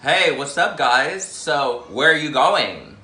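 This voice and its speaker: An offhand, guarded male police officer asks his questions casually, voiced by a man telling a story. The tone is bright, and the room around it echoes. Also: on the high side, sing-song, takes it slowly, full character voice.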